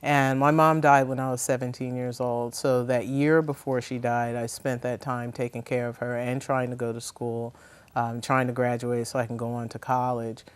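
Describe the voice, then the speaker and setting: A woman in her fifties from New Jersey, answering interview questions thoughtfully with frequent pauses and ums. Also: rumbling low, flat delivery, clear, resonant tone. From New Jersey, USA. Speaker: interview guest.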